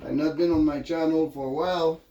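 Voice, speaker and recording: A vlogger with a French accent cooks on camera in his home kitchen, chatting casually and rambling with jokey asides. His voice is fairly high and fairly quick, with a dark tone and fairly even intonation. The lo-fi recording sounds echoey, with faint noise.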